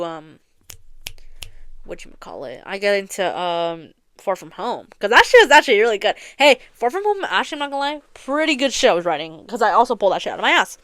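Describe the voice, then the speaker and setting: A woman's voice: mid-range voice, a bit bright, no room sound, studio quality. A young woman hosting a podcast, retelling a story in a rambling, casual way, full of filler words and swearing. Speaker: podcast host. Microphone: close studio mic, audio only.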